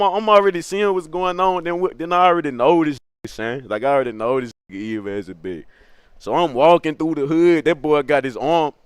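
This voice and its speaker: A man's voice: a little high, a bit bright, clear, resonant tone, no echo, studio quality. A man telling a funny story in rambling, slang-heavy casual talk, often laughing at his own story.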